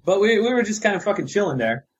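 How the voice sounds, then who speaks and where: A man with a fairly high, husky voice rambles through a casual podcast story, cursing freely and stumbling over fillers. The audio is dull and lo-fi, as if recorded on modest podcast gear. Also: big pitch swings, quick pace. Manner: profane, rambling with many fillers. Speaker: podcast co-host.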